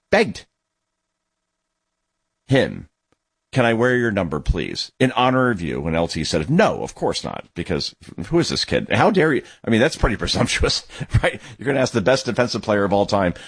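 A lower-voiced man hosts a sports talk show with a husky edge. His pitch swings widely as he turns sarcastic and indignant. The sound is dry and close to the mic. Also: dry recording. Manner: sarcastic, indignant, animated storytelling. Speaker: youth baseball coach and father. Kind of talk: opinionated sports talk monologue.

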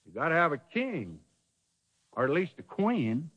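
Male preacher, sermon style: high, highly animated voice, emphatic with dramatic pauses. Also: husky, big-room sound, lo-fi sound.

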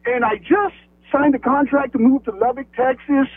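Very high-voiced man on a phone line. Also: steady tone, normal speed, slightly rough, no echo. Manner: meandering, filler-heavy. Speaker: caller. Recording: tinny dry phone line.

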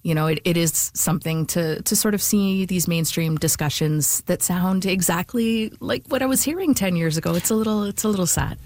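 A woman's voice: lowish voice, fairly quick, hardly any pauses, darkish tone, dry recording. A woman author being interviewed, speaking thoughtfully with frequent fillers and restarts. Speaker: author and guest. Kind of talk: conversational interview.

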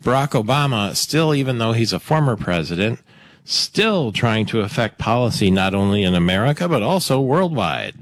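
A man's voice: medium pitch, sing-song, normal speed, no room sound. A man hosting a talk radio show, giving sardonic, conversational political commentary with fillers.

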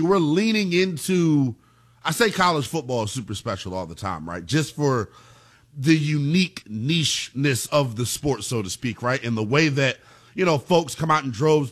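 A young man hosting a sports talk show, his fairly high voice swinging widely in pitch. He talks in an excitable, folksy way, swears casually and drops low for quick asides. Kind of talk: animated sports talk monologue.

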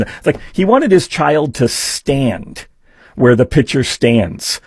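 A man's voice: medium pitch, sing-song, takes it slowly, darkish tone, slightly rough, dry recording. A man hosting a talk radio show, telling a rambling story full of fillers into a studio microphone. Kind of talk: casual talk radio monologue.

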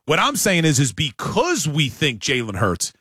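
A man hosting sports talk radio, making emphatic, animated points about his team. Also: on the high side, normal speed, breathy edge, no room sound, clean studio sound.

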